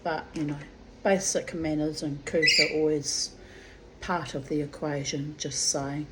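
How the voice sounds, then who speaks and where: A woman's voice: low-pitched, a little slow, heavy background noise. Chatty woman reading old diaries. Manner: animated, laughing, digressive storyteller. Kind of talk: diary reading with chatty asides.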